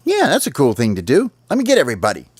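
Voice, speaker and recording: Man voicing upbeat sparrow gang leader, pitched up, friendly. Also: huge pitch swings, racing, breathy edge, dry recording. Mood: proud.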